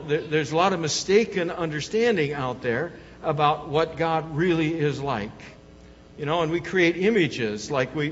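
A man's voice: fairly high pitch, slight background noise. A pastor preaching an emphatic sermon, putting questions to his congregation. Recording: long hall reverb, dull lo-fi sound.

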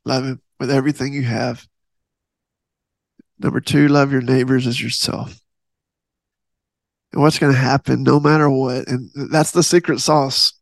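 A man's voice: medium pitch, little pitch movement, unhurried, gravelly, long pauses, no echo. A man hosting a faith podcast, talking earnestly in a rambling, casual way with many restarts. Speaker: podcast host.

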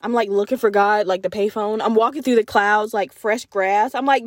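Animated young woman, dry close voice. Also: on the high side, moderate pace, hardly any pauses, no echo. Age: 20s. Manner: animated, comedic, profane storytelling; frequent fillers like "like". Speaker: podcast host. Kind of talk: casual solo podcast monologue.

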